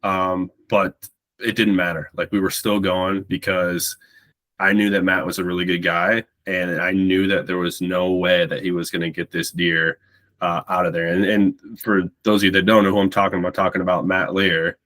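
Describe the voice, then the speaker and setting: A man's voice: deep voice, little pitch movement, moderate pace, a bit bright. A man, a podcast guest telling a long story in a rambling, casual way and acting out the dialogue. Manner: rambling, repeats words while recounting.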